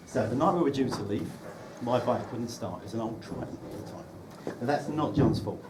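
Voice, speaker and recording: At an indoor wedding reception, a man roasts the groom with dry, teasing stories, landing each anecdote with good comic timing. His voice sits in the mid range and his pace is moderate. It's captured from a distant mic over heavy room noise.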